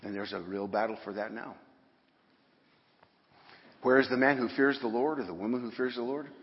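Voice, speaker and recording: A man's voice: medium pitch, moderate pace. Male preacher, folksy sermon delivery with emphatic peaks, muffled hall recording with a long echo. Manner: folksy, rising to emphatic bursts. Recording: dull sound in a hall with long reverb.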